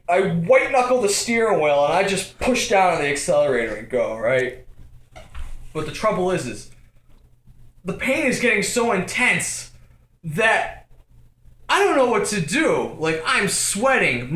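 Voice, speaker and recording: A young man telling a comic story from his own life, building to shouts and laughter as he acts it out. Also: high-pitched, measured pace, reverberant. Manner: animated, escalating, acts out quotes with shouts and laughter.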